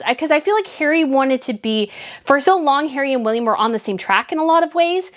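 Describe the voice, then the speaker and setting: A woman's voice: high voice, animated, fairly quick. A woman giving casual, opinionated commentary on royal news, full of "I feel like" fillers. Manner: opinionated, acts out mocking quotes in a whiny voice.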